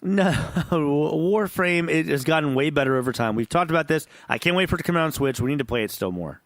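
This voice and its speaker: Gravelly, tipsy podcast host. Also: male voice, a little high, expressive, brisk, fairly bright tone, dry recording, clean studio sound. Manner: profane, rambling, laughs often. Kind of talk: casual chat.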